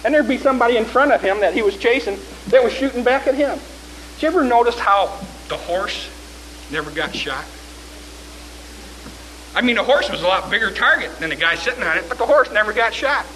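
A man preaching a fervent sermon, swinging from shouts to hushed tones. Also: very high voice, animated, fairly quick, a little hiss or hum, low-quality recording.

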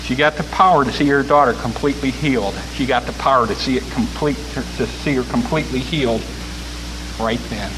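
A man preaching a sermon, building from calm talk to loud, pressing appeals. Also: mid-range voice, a little fast, noisy background.

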